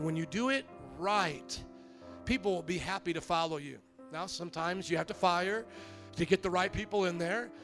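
A man with a fairly high voice preaches to his church, animated and storytelling, slipping into little acted voices. Soft music sits faintly behind him. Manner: lively storytelling, acts out quoted voices. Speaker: pastor. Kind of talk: sermon.

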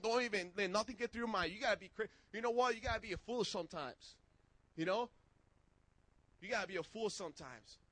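A man preaching a sermon and telling testimony stories in casual slang, getting excited and shouting as he goes. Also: high-pitched, no echo, rough recording. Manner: excitable, shouts when worked up; casual street slang, restarts.

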